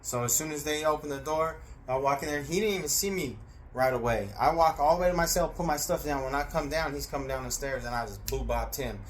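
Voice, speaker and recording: A man telling a story in a casual, animated way, acting out voices and sound effects and swearing freely. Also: fairly high pitch, quick pace, slight background noise.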